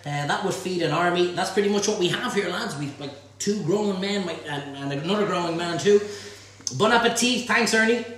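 A man's voice: high-pitched, brisk, a bit bright, slight background noise. An Irish man hosting a live cook-along from his kitchen, joking and bantering with viewers as he reads out their comments. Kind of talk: live-streamed cooking demonstration. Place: home kitchen. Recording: echoey kitchen room.

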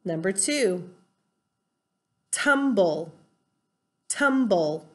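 A woman's voice: mid-range voice, expressive, extremely slow. A woman teacher giving a recorded spelling lesson, patiently explaining rules step by step and spelling words out letter by letter.

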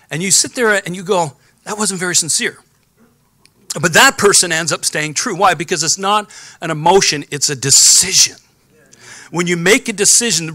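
Bright-voiced man preaching a sermon. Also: high voice, no echo. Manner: calls out to the congregation for responses. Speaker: pastor. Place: church sanctuary.

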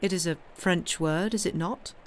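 A woman's voice: lowish voice, normal speed, natural voice. A woman reading aloud, voicing a wealthy nobleman who speaks with cool, polished irony. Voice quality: smooth, coldly ironic. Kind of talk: reading a novel aloud on a livestream.

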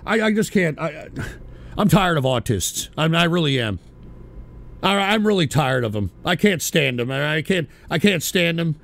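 A man hosting a radio show, ranting profanely and swinging between exasperated shouting and weary mumbling. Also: a little high, lively intonation, moderate pace, creaky. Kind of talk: profane on-air rant.

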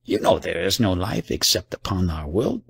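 A man's voice: low voice, expressive, normal speed, vocal fry, husky, no room sound, studio quality, pitched below the performer's own voice, heavily acted. A man voicing a scornful, narrow-minded tiny creature. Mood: indignant. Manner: dismissive, indignant.

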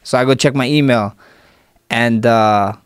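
A man's voice: medium pitch, a little slow, clear, resonant tone, dry recording, studio quality. A young man in his twenties, a guest fighter, telling stories in casual chat and laughing as he goes. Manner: animated, laughs while telling. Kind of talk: casual storytelling.

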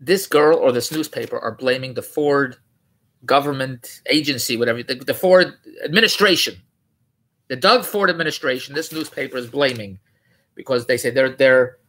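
At a moderate pace, a male vlogger with a medium-pitched, slightly bright voice riffs on a news article. His delivery is mocking and incredulous, wandering into digressions and self-corrections.

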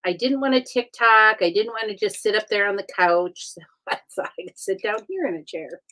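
A woman's voice: mid-range voice, normal speed, pushed and bright. A woman hosting a casual live stream, chatting with viewers and greeting them by name while she builds. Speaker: live-stream host building brick sets.

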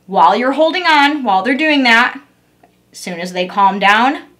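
A woman's voice: a little high, lively intonation, normal speed, fairly bright tone. A young woman, a dog groomer, giving a patient step-by-step demo on handling a puppy. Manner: patient, repetitive coaching tone. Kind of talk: instructional demo.

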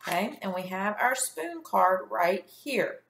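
A woman teacher leading a first grade phonics lesson, sounding out letters slowly and praising the class. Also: mid-range voice, lively intonation, fairly bright tone, slight background noise. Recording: echoey room.

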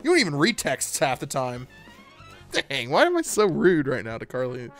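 A man's voice: medium pitch, moderate pace, faint music behind. A man streaming live and chatting casually with his viewers, joking and laughing as he plays. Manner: joking, talks to chat, lively bursts of laughter.

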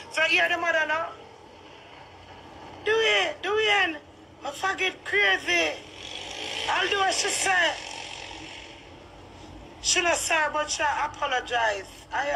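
A woman's voice: sits high, creaky, sharp tone, a little hiss or hum, low-quality recording. A Jamaican woman ranting heatedly to camera, cursing freely in patois. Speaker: vlogger. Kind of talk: ranting street vlog.

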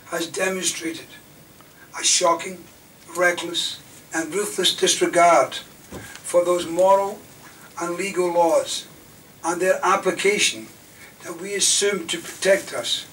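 An older man from Scotland gives an impassioned lecture as a defence lawyer. He talks rhetorically, rising to loud emphasis and dropping to near-whispers. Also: fairly high pitch. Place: university lecture hall. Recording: distant mic in a lecture hall, faint room noise.

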